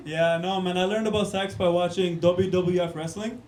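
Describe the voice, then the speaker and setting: Speaking a little slowly with fairly even intonation, this young comedian from Canada has a high-pitched voice and delivers a punchy club set directly to the audience. He keeps saying "guys" and "man," and the echoey room has a noisy background.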